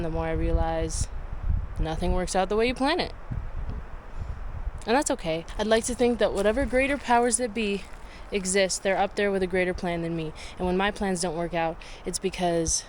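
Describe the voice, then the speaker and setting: Out on a windy gravel road, a tired woman on a solo cycling trip narrates to camera in a casual vlog, candidly and reflectively talking through her problems. Her fairly low, darkish voice is steady and moderately paced. The audio is poor, with wind and outdoor noise hitting the mic.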